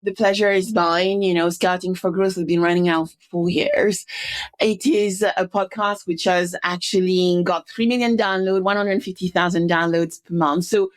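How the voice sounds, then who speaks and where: A woman's voice: on the low side, fairly even intonation, normal speed. A woman hosting a podcast interview, introducing her guest and asking questions with emphatic energy. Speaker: podcast host.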